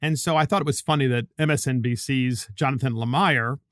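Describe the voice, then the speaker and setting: A man hosting a political commentary show, talking in a sarcastic, scornful, animated way. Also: medium pitch, brisk, dry recording, studio quality. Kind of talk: opinion commentary.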